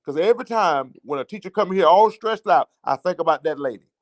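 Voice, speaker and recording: A Southern American man hosting a show for a teachers' association tells an emotional story, repeating himself as his indignation builds. His voice is high-pitched and expressive, and he speaks fairly quickly in this impassioned monologue.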